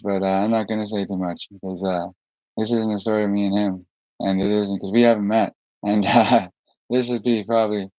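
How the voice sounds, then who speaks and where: A man speaking in a meandering, halting monologue, often restarting his sentences and drifting into asides. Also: on the low side, warm tone, no room sound. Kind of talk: rambling monologue to camera. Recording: dull lo-fi recording.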